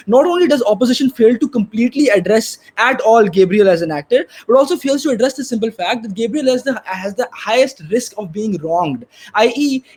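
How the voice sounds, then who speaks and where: Heated high-voiced young debate speaker. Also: male voice, slightly rough. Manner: heated, emphatic, swears when frustrated. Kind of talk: competitive debate speech.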